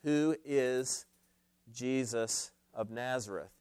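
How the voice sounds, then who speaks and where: A man's voice: medium pitch, takes it slowly, darkish tone, smooth, no room sound, studio quality. A man giving an earnest, emphatic Bible lesson to a class, posing questions to his listeners. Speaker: Bible teacher. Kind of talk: expository Bible teaching.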